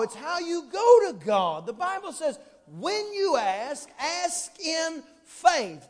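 A man preaching a sermon as pastor, fervent and building to shouted emphasis, with drawn-out dramatic phrasing. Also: very high voice, long reverb tail. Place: church sanctuary.

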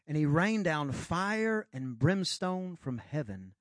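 A middle-aged man preaching a sermon in church, swinging between loud rises and quiet drops and acting out God's voice. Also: a little high, very animated, takes it slowly, no room sound, studio quality. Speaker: pastor.

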